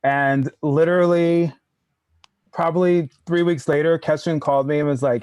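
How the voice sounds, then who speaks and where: A man speaks as a podcast guest, his voice a little high and dry. He tells an anecdote in an animated way, with laughter along the way. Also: moderate pace, no echo. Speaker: guest actor. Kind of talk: podcast interview chat.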